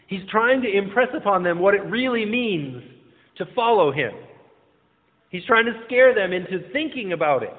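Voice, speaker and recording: High-voiced pastor, tinny hall sound. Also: male voice, big pitch swings, moderate pace. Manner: joking, self-deprecating, many fillers and restarts. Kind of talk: casual conversational sermon. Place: church.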